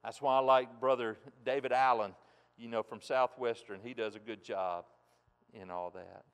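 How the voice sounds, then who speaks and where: A man preaching a sermon in a folksy way, dropping soft and then rising loud and emphatic, from a church pulpit. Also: medium pitch, fairly even intonation, moderate pace, smooth. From United States. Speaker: pastor. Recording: long reverb in a large hall.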